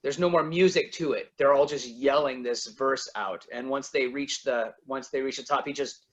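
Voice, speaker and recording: A man's voice: medium pitch, moderate pace, highs cut off. A man playing a tabletop game, describing his character's actions in a hesitant way with many fillers. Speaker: player. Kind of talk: casual in-character play narration.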